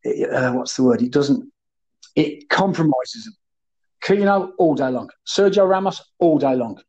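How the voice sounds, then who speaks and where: A man's voice: mid-range voice, lively intonation, a little slow, a little mellow, breathy edge, highs cut off. A man telling rowdy, sweary football stories in casual chat, addressing the host by name again and again. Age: 30s then, now older. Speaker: guest, former footballer.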